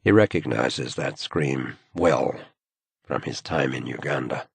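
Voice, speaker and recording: Deep, slow male audiobook narrator. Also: creaky, breathy edge, no echo. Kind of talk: scripted narration.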